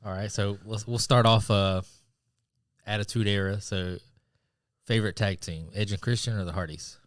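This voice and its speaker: A man's voice: lowish voice, fairly even intonation, moderate pace. A young man from South Carolina co-hosting a podcast, rambling through stories in casual chat. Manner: storytelling, rambling. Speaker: podcast co-host.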